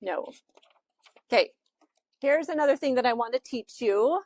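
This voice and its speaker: A woman's voice: on the high side, lively intonation, normal speed, darkish tone, no room sound. A woman with a Utah accent teaching a social media class in a chatty, loose way with lots of fillers. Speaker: real estate social media instructor.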